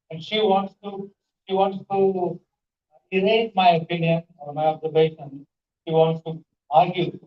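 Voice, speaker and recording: A man's voice: high voice, a little slow. A man lecturing a conference audience on pronunciation, acting out example sentences and putting questions to listeners. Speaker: conference panelist teaching English. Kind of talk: classroom-style lecture with spoken examples. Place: large conference hall. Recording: echoey hall, distant dull mic.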